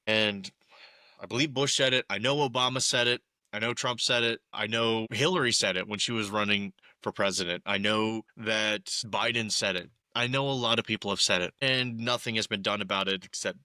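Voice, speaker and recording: A young man with a lowish voice hosts a podcast on his own, delivering opinionated political commentary at a normal pace. His tone is pushed and bright, punctuated by emphatic, exasperated asides, and there's no echo. He's listed as a podcast co-host.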